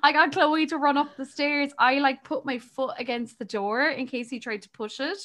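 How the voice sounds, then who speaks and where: A young woman co-hosting a podcast, telling a story in an animated, chatty way with many fillers. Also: sits high, normal speed. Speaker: podcast co-host. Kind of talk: casual chat.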